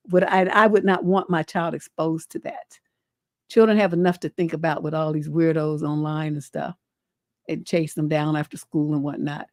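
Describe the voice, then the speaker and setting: A woman's voice: lowish voice, a little mellow, no room sound, clean studio sound. A middle-aged American woman hosting a relationship advice livestream, talking bluntly and emphatically and swearing freely. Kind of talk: livestream advice talk, reading a viewer letter.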